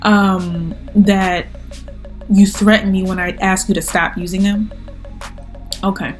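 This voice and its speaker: A young woman tells a story straight to camera in an animated, exasperated way, voicing each quoted line as she goes. Her pitch sits in an ordinary middle range. Faint music plays underneath. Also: slow pace. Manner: animated retelling, exasperated, acts out quoted lines. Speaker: vlogger.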